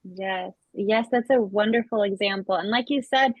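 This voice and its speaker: A woman co-hosting a spiritual lesson, calmly explaining how to practice it. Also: mid-range voice, moderate pace, no echo, rough recording. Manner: calm, explanatory. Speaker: co-host.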